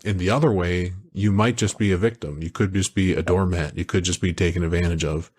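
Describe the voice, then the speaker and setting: Deep-voiced man chatting animatedly. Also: fairly quick, husky. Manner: animated, storytelling, digressive. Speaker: podcast co-host. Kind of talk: casual chat.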